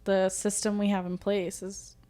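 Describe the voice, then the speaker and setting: A young woman co-hosting a podcast, chatting casually with quick jokey asides and frequent laughter. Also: mid-range voice, little pitch movement, warm tone. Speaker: podcast co-host.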